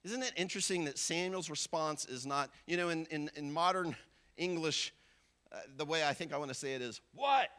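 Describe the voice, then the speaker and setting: High-voiced man preaching a sermon. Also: fairly quick, sharp tone, clean tone. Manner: conversational preaching, acts out everyday inner voices. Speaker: visiting pastor.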